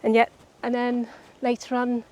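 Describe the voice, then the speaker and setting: A young woman writer chatting casually about her book outdoors by the seaside, a little out of breath and halting, with many restarts. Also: a little high, monotone, warm tone, a little hiss or hum. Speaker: writer vlogger.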